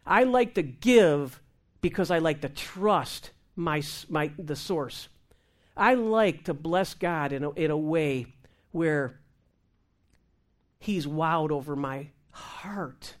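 A woman minister telling a lively testimony in conversation, acting out the voices of the people in her story and laughing as she goes. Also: deep voice, slow. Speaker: Christian minister. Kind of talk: testimony talk show conversation.

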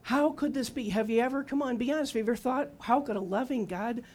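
A woman's voice: fairly high pitch, fast, darkish tone. Woman in her sixties, sermon, testimony style, talks straight to the congregation, acts out quotes. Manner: conversational, testimony-style, asks the audience questions; acts out her own and God's words in quoted lines. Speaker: preacher.

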